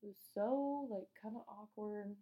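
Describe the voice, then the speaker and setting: A woman's voice: mid-range voice, normal speed, narrow, tinny audio. A young woman from North Carolina, telling a rambling, swear-filled storytime vlog. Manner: chatty and rambling, swears freely, acts out quotes. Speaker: vlogger.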